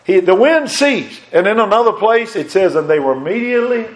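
A man preaching a sermon in a folksy way, reading scripture aloud and swinging between loud emphasis and soft asides. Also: high-pitched, lively intonation, fairly quick.

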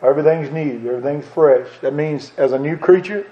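A man's voice: fairly high pitch, steady tone, fairly quick, few pauses. A man preaching a sermon as pastor, asking his congregation rhetorical questions. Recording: dull lo-fi sound.

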